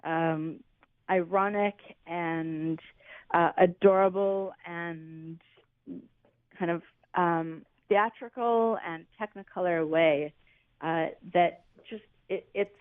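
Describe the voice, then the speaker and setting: A woman's voice: on the low side, fairly even intonation, slow, no room sound. Female guest musician, rambling speech, tinny phone-call sound. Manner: rambling, searching for words. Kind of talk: casual interview chat.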